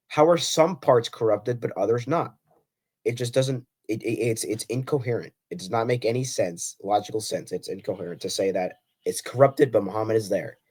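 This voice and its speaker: A man hosting a solo video, reading scripture verses aloud and arguing his points with pointed rhetorical questions. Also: a little mellow. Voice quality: voice cracks on high notes. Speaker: Christian apologetics video host.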